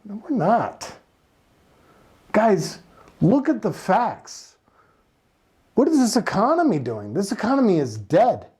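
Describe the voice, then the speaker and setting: A passionate, sarcastic American vlogger and economic commentator rants casually about the economy, firing off plenty of rhetorical questions. His medium-pitched voice is very animated yet slow, with long pauses and a slightly mellow, husky quality.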